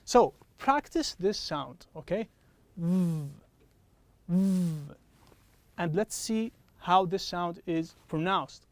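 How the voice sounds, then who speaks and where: Patient high-voiced male English teacher. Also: animated, no echo. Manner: patient, repeats "okay?" after each point; slows right down to model example phrases. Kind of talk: pronunciation lesson.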